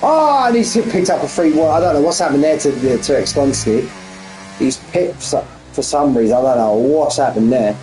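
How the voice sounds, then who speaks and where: A man's voice: medium pitch, expressive, normal speed, dark tone, soft background music, rough recording. A man commentating a sim race on a live stream, bantering with viewers and often repeating himself.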